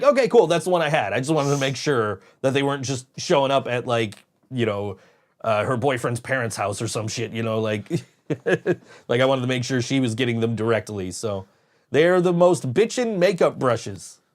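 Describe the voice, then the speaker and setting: A man's voice: mid-range voice, moderate pace. A man hosting a podcast, telling a rambling story in casual chat, swearing often and laughing as he goes. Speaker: podcast host.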